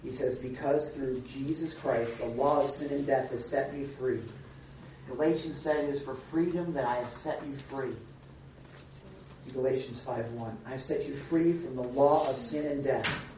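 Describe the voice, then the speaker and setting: A man leading an informal Bible study, teaching in a rambling, halting way with many restarts and fillers. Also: mid-range voice, fairly even intonation, a little mellow, slight background noise. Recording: distant, echoey, lo-fi room recording.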